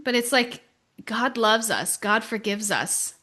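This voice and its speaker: A woman's voice: a little high, expressive, slow, sharp tone. A woman leading a spiritual podcast discussion, talking in a reflective, encouraging way with frequent fillers. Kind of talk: casual group discussion.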